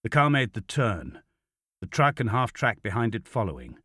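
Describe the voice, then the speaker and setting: A man narrating an audiobook in a steady, measured way. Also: lowish voice, breathy edge, no echo, studio quality. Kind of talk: scripted narration.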